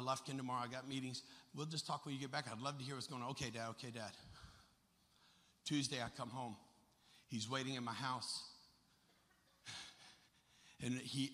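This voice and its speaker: A middle-aged man preaching a fervent sermon as pastor, rising to shouts at his high points. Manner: impassioned preaching, shouting at climaxes. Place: large church. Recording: echoey church hall.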